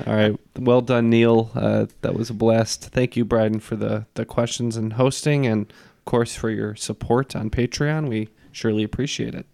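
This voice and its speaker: A man's voice: mid-range voice, steady tone, moderate pace, creaky, darkish tone. A man hosting a podcast trivia show, teasing and upbeat as he wraps up. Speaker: podcast host. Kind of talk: casual podcast banter.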